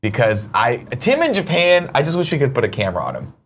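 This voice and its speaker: A man's voice: mid-range voice, wildly swooping pitch, brisk, fairly bright tone, slight background noise. A man co-hosting a casual morning show from an office studio, teasing and emphatic in his banter. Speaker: co-host.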